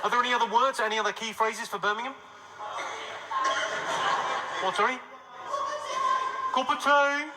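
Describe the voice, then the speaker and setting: A man doing stand-up comedy, bantering with the audience in a quick, deadpan, mocking way. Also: high-pitched. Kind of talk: stand-up crowd work. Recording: loud noise, live audience hall.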